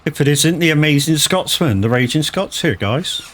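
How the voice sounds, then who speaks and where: On a casual live gaming stream, a man with a slightly high, slightly bright voice rambles along at a moderate pace. He's expressive, stumbles over his words with lots of restarts and stammers, and swears freely.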